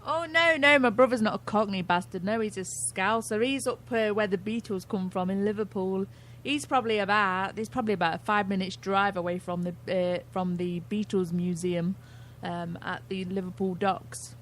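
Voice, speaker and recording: A British woman co-hosting a casual internet radio show. She chats in a giggly, self-mocking way at a middle pitch. A faint hiss sits under her voice. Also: normal speed, a bit bright. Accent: British English. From England.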